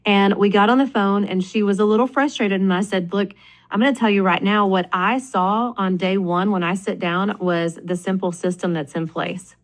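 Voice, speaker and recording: A woman leading a sales team, telling an energetic story about her business in a conversational interview, often asking "right?" and saying "like". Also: medium pitch, moderate pace. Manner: enthusiastic, animated, frequent "right?" and "like". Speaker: network marketing leader.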